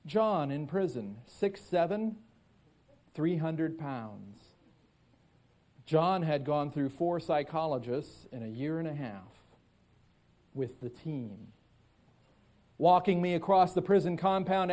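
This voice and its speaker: A man's voice: fairly high pitch, lively intonation, a little slow, darkish tone. A man giving a live keynote talk as a psychologist and motivational speaker. He tells stories and leads the audience in call-and-response on a conference stage.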